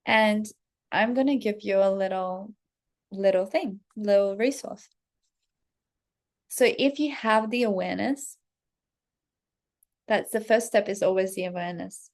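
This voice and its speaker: A woman's voice: medium pitch, unhurried, pauses often. A woman in her thirties, a self-development coach, telling a personal story to her followers in a candid, casual way, with plenty of swearing and acted-out self-talk.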